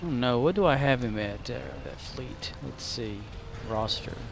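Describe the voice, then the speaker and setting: A man streaming a game, rambling to himself and now and then yelling at his squadmates. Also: medium pitch, animated, a little slow, creaky, noisy background. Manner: rambling, talks to himself, shouts at teammates. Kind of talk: casual gameplay commentary.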